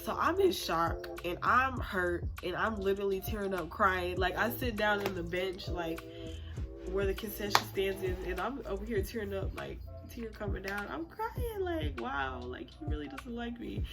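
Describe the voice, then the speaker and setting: A woman's voice: medium pitch, moderate pace. Chatty young woman telling a story. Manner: chatty, expressive, slangy. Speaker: vlogger. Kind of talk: casual storytime. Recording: music playing under the voice.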